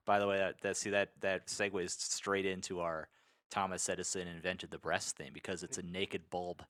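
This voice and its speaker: Rambling man telling animated anecdotes. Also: low voice, moderate pace. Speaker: podcast co-host. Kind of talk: casual chat.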